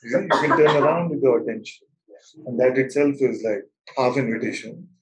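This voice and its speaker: A man leading a spiritual satsang over an online call, speaking gently and slowly with frequent laughter. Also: mid-range voice, poor audio. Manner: gentle, slow and playful, laughs often. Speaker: spiritual teacher. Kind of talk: satsang talk. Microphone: video call.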